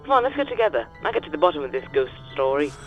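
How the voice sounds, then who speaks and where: A man's voice: on the high side, very animated, rapid-fire, phone-quality sound, faint music behind. A man voicing a boastful young woman diver in a video game, teasing and defensive, insisting she is not scared. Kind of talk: reading game dialogue aloud in character.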